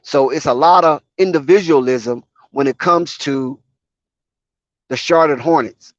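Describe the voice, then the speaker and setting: A man with a fairly high voice gives opinionated, conversational commentary on a live basketball game, speaking a little slowly. The recording is dry with a dull lo-fi sound.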